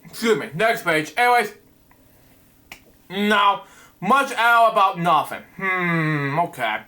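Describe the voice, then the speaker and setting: Man hosting a bedtime story reading. Rambles, keeps saying "anyway". High, bright voice. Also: animated, slow. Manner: rambling asides, repeated "anyway". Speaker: host reading a children's book. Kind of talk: casual storybook reading with commentary.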